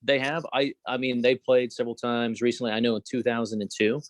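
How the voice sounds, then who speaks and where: A man's voice: medium pitch, level tone, fast talker, no echo. A man co-hosting a podcast in casual sports chat, rambling and hedging through trivia asides. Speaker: podcast co-host.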